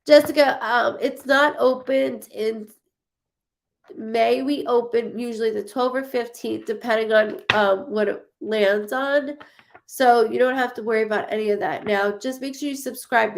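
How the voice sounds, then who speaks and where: Unhurried and creaky, with a fairly high pitch, a woman runs a psychic live stream, warmly and casually responding to the comments her viewers post.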